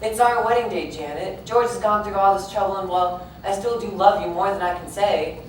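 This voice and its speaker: A woman's voice: mid-range voice, a little fast, a little hiss or hum, close to an everyday voice. A woman playing an earnest, lovesick young groom who pleads with his bride. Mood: pleading. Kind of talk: amateur stage musical acting. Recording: echoey hall, mic far from stage, music behind.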